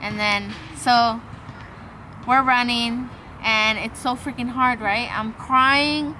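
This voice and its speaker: A woman's voice: a little high, steady tone, slow, pushed and bright, a little hiss or hum, poor audio. A young woman vlogger telling a long, rambling personal story in a casual way, swearing freely and acting out the lines of the people in it. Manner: acts out quoted dialogue.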